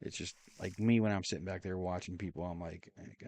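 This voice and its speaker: A man's voice: deep voice, fairly even intonation, fairly quick, a little mellow. A man telling a long story in a casual, rambling way while playing a game, full of fillers and chuckles. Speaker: gaming streamer.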